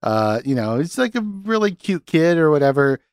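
A man's voice: fairly high pitch, sing-song, moderate pace, clear, resonant tone, no echo, clean studio sound. A man co-hosting a podcast in casual chat who laughs often and puts on voices when he quotes people. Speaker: podcast co-host.

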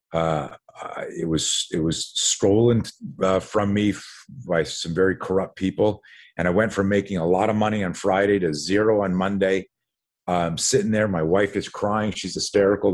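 A man in his sixties from Canada, a podcast guest who tells stories with energy, acts out other people's lines and often repeats words mid-sentence. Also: deep voice. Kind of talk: animated storytelling.

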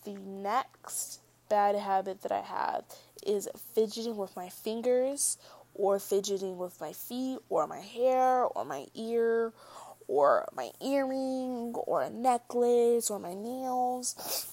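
A woman's voice: fairly high pitch, takes it slowly, a little mellow, dry recording. A young woman vlogging in casual chat, rambling with lots of fillers and self-corrections.

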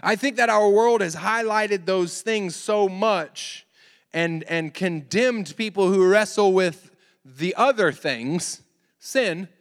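A man in his thirties preaching a sermon to young people, lively and joking with asides to the audience. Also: sits high, clean tone. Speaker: youth pastor. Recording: long hall reverb.

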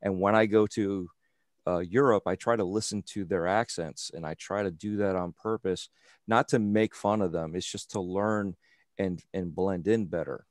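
A man co-hosting a casual interview, talking haltingly and repeating words as he restarts his sentences. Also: deep voice, fairly even intonation, no echo, studio quality.

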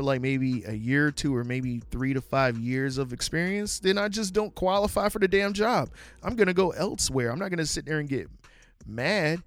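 A man's voice: on the high side, no room sound. A young man hosting a solo podcast, ranting in a profane, exasperated, emphatic way. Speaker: podcast host.

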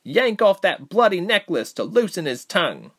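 A man voicing a fierce, fiery young woman in an audiobook, high and urgent. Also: very animated, normal speed, a bit bright, husky, heavily acted.

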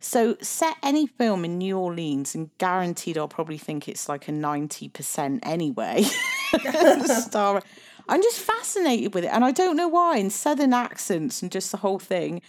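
A woman from England, co-hosting a film podcast in casual chat, animated and laughing often. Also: fairly low pitch, moderate pace. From Southwest England. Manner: animated, laughs often, trails off mid-sentence. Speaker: podcast co-host.

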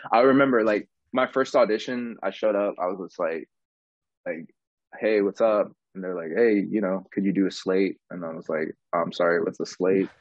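A man guest on a podcast, telling his story in a casual, animated way, saying "bro" often and acting out what people said. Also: lowish voice, no room sound, dull audio. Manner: animated, says "bro" a lot, acts out quotes.

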